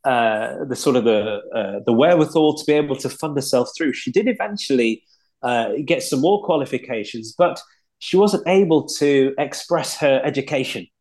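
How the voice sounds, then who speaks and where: A clergyman from Leeds with a Yorkshire accent, telling stories from his own life in a relaxed, reflective way with frequent pauses. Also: medium pitch. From Leeds, England. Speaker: guest, clergyman. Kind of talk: conversational storytelling.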